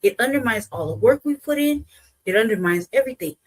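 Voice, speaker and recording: A woman's voice: fairly high pitch, lively intonation, quick pace, poor audio. A woman hosting a reaction commentary, heated and emphatic, swearing freely as she rants. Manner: heated, profane, emphatic ranting. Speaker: host.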